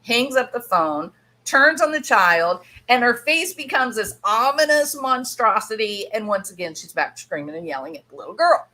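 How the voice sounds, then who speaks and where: A woman's voice: fairly high pitch, sing-song, moderate pace, bright, forceful tone, low-quality recording. A woman hosting a podcast, explaining ideas in a chatty way, laughing now and then and acting out quoted voices. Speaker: podcast host. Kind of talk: casual explanatory monologue.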